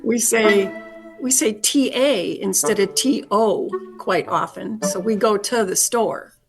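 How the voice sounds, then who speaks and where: This older woman talks in a slow, unhurried Michigan accent, remembering old times in a relaxed interview. She chuckles easily as she goes. Gentle music sits faintly behind her. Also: mid-range voice. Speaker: listener guest. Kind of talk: casual interview.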